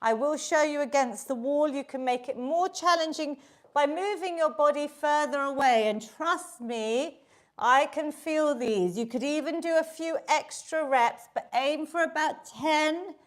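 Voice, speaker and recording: A high-pitched woman instructor runs a live online workout class from home. She is upbeat and encouraging, calling out counts and cues as she exercises along with the group. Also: unhurried. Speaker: fitness instructor.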